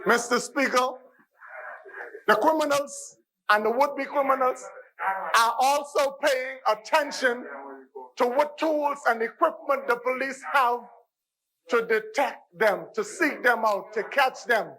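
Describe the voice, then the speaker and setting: A man's voice: very high-pitched, a little slow, a crowd in the background, poor audio. A man with a Bahamian accent giving an emphatic parliamentary debate speech in a parliament chamber, repeating phrases for stress. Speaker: member of parliament.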